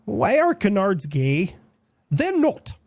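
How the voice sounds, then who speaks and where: A man's voice: high-pitched, wildly swooping pitch, slow pace, gravelly, darkish tone, no room sound. A man playing a blunt, crude American Uncle Sam figure in a comedy sketch.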